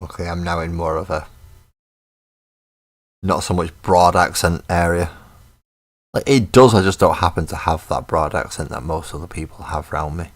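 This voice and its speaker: An English man with a Manchester accent and occasional Glaswegian slips chats casually and self-deprecatingly while painting miniatures at his home hobby desk. His voice is deep and steady, with a moderate pace and long pauses, captured on a webcam mic.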